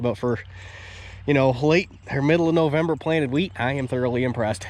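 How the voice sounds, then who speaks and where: A man with a stuffy, nasal voice rambles cheerfully through a farm vlog, often restarting his sentences. He sits at a middle pitch for a man. The recording is made outdoors by a field, with a faint hiss behind him. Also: fairly even intonation, a little fast, a little mellow. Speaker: farm vlogger. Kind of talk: casual vlog commentary.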